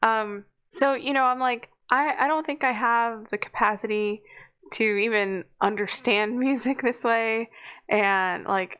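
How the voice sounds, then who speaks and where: Casual woman streamer at a home desk mic: rambling, apologetic, quick to laugh. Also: medium pitch, a bit bright, clear, resonant tone. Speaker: streamer and podcast host. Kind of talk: casual livestream chat.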